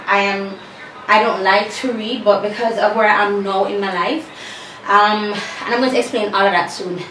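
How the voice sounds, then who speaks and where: A woman's voice: medium pitch, fairly even intonation, normal speed, fairly bright tone. Chatty woman in an echoey room. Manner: chatty, sassy asides to viewers. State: out of breath. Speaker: vlogger. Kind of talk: casual chat. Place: room at home with a fan. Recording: echoey room, far from the mic, faint hum.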